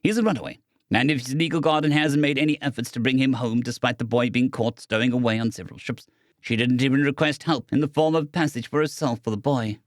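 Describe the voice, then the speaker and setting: A man narrating an audiobook, voicing an aging, sharp-tongued woman who snaps out curt, teasing remarks. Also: mid-range voice, very animated, brisk, few pauses, no room sound, studio quality, close to an everyday voice. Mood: stern. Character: aging sharp-tongued mother, snappish but proud.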